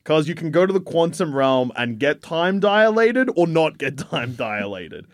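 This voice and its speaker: An Australian man in a casual podcast discussion, wry and quick to laugh. His voice is a bit high and moves lively up and down. It is recorded close and dry. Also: no room sound. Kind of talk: casual chat, film discussion.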